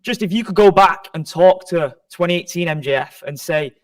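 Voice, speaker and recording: Reporter guy asking a polite question, slightly high voice, dry and far off mic. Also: normal speed, dry recording. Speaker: wrestling journalist. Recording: dry sound from a distant mic.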